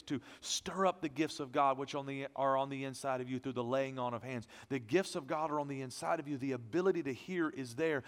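A male pastor delivers a sermon with emphasis, alternating between loud proclamations and quiet, hushed lines. His voice sits in the middle range, and the recording carries the long reverb of a large hall.

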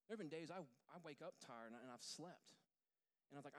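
Joking pastor preaching to a congregation. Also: male voice, fairly high pitch, expressive, fast talker. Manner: jokey, talks directly to the congregation. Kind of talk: casual conversational sermon. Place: church before a congregation.

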